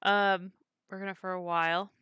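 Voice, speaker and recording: A woman's voice: mid-range voice, flat delivery, brisk, bright, forceful tone, clear, resonant tone, no room sound. A woman hosting a live stream, chatting casually and rambling with lots of fillers. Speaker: streamer and server host.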